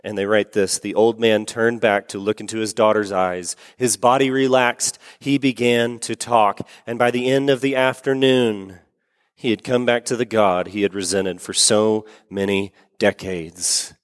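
A man's voice: fairly low pitch, fairly even intonation, unhurried, smooth. A man preaching a sermon, telling a story earnestly and repeating words for emphasis. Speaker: pastor. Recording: long reverb of a large hall.

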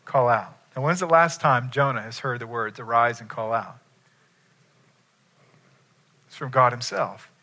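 A man's voice: mid-range voice, measured pace, long pauses, sharp tone. A man preaching a sermon, emphatic and asking his listeners questions. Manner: emphatic, asks the congregation questions. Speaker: pastor.

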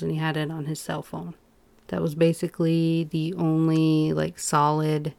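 A woman with a smooth, low voice talks through the plot in an even, level way. She recounts events steadily in a casual podcast chat, with the odd uh. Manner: steady recounting with uh fillers, brief backchannels. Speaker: podcast co-host.

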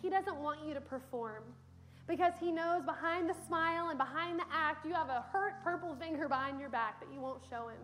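A woman's voice: high-pitched, brisk, fairly bright tone, soft background music. A young woman preaching a sermon in a church, telling stories earnestly with casual fillers. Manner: earnest storytelling with conversational fillers. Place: church sanctuary.

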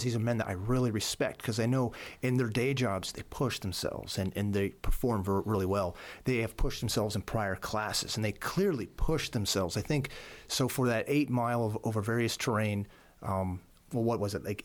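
A middle-aged man with a low-pitched voice tells a story in casual conversation. He rambles and repeats words as he goes. When he quotes what he said, his voice jumps higher. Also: normal speed. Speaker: course instructor.

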